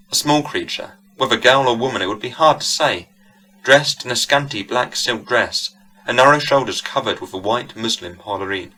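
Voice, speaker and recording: Brief: male narrator for a classic ghost story, deliberate and even, bright timbre. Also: fairly low pitch, poor audio. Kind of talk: scripted narration of a vintage horror story.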